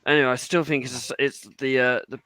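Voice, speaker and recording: A man's voice: mid-range voice, flat delivery, a little fast, a bit bright, clean tone, no echo. A British man hosting a podcast, chatting easily and running the segments. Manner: easygoing, chatty, runs the segments. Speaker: podcast host. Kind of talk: casual chat.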